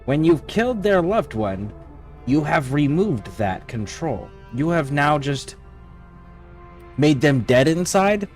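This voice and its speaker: A man streaming a video game, chatting casually with viewers, swearing freely and thinking out loud while he plays. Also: on the high side, very animated, slow pace, soft background music. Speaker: livestreamer. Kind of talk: casual gaming livestream chat.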